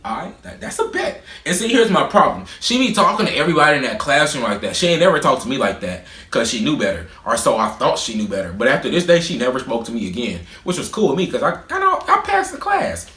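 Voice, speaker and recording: A young man in his twenties telling a storytime vlog, animated, profane and boastful. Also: medium pitch, fast, few pauses. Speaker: vlogger. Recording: roomy echo.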